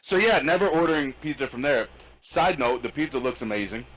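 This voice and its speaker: A man co-hosting a podcast, joking and swearing through his stories. His pitch swings widely as he talks, and faint noise sits behind him. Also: a little fast, low-quality recording. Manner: joking, swearing, lively storytelling. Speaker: podcast co-host. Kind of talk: casual chat.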